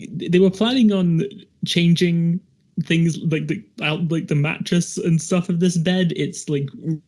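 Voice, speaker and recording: A man's voice: fairly high pitch, a little mellow. A young man narrating a tabletop horror game as game master, hesitant and full of restarts. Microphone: podcast mic.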